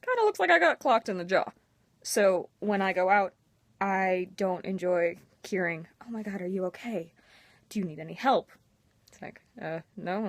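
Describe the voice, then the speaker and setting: A woman's voice: medium pitch, no echo. A young woman talking candidly and emotionally to her camera in a personal vlog, with a self-mocking edge. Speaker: vlogger.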